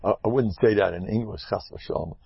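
Older husky rabbi, animated talk. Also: male voice, a little fast, dry recording. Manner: animated, swings to loud high exclamations and hushed asides. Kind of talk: lively Torah talk with jokes. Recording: dull dry lo-fi recording.

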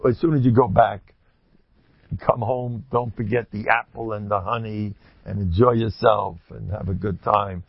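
Man, religious speaker, husky, self-mocking humor with high exclamations, dry and dull recording. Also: steady tone, moderate pace, no echo. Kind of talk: informal religious talk.

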